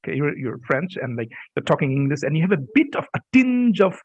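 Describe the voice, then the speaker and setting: A male interview host chats casually, nodding along with quick agreements and wandering through restarts when he makes a point. His voice sits a little high for a man, and the sound is dry and close, with almost no room around it. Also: big pitch swings, husky, no room sound, dull audio. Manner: frequent backchannels, rambling restarts with "you know".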